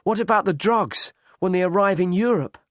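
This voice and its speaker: A man's voice: high voice, moderate pace, no room sound, pitched above the performer's own voice, natural voice. Man doing an earnest young hero, raised voice, questioning, dry sound, storybook. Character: young man, anxious hero engaged to be married.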